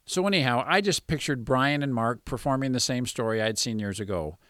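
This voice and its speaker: Male podcast host, wry narrator, animated delivery, dry close mic. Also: medium pitch, fairly quick, no echo. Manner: wry, storytelling.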